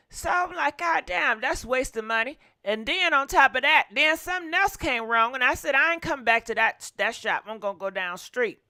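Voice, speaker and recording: A woman's voice: on the high side, sharp tone, no echo, clean studio sound. Folksy, chatty woman host. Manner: chatty, folksy, sighing and humming asides. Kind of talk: casual chat to viewers.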